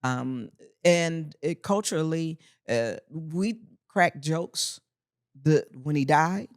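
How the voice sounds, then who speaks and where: A woman comedian spins animated, earthy stories as a podcast guest. Her delivery is punchy and full of timing. She sits close to a studio mic in a dry, dead room. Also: low-pitched, slow pace, no echo. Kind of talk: casual podcast chat, storytelling.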